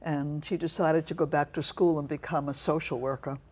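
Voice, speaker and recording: Older woman gabbing about the old showbiz days, low-ish voice. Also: steady tone, brisk, darkish tone. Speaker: guest. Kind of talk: conversational interview.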